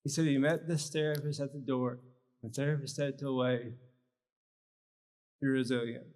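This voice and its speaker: This mid-range male voice has a darkish tone, fairly even intonation and a moderate pace. Speaking live at a health symposium workshop, he teaches with short, emphatic phrases. Long reverb from the large church hall fills the recording.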